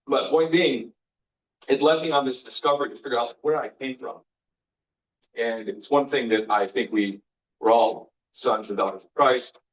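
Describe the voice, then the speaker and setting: A man's voice: mid-range voice, moderate pace, a bit bright. Earnest man speaking in a roomy hall. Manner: earnest storyteller, acts out quoted exchanges. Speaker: guest speaker. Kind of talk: faith-based motivational talk. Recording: roomy, distant, dull sound.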